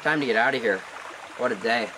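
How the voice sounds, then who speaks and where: A man's voice: medium pitch, fast talker. A man acting out a goofy improvised skit, joking and barely keeping a straight face. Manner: jokey, breaks into laughter. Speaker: amateur comedy sketch performer. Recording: noisy, from a distance.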